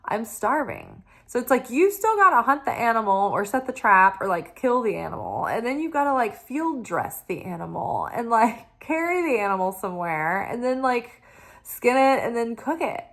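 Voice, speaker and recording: A woman's voice: a little high, sing-song, moderate pace, fairly bright tone. A woman giving a casual spoken tarot reading, earnest and musing, often checking in with "right?" and "you know.". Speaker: tarot reader.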